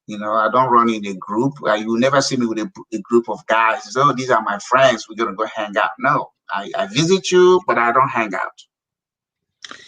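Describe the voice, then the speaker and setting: A middle-aged Nigerian businessman with a Nigerian accent, a guest in an interview conversation, tells his story bluntly and emphatically. His voice is fairly low and sharp-toned at a moderate pace, recorded far from the mic with poor audio.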